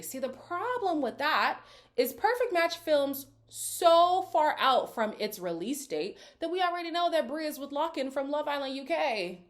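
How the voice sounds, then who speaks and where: A woman recapping a reality dating show for her channel. She reads the cast bios and keeps cutting in with chatty, sassy side comments. Her pitch swings up and down a lot, and she sounds animated. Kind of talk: casual reaction commentary reading cast bios.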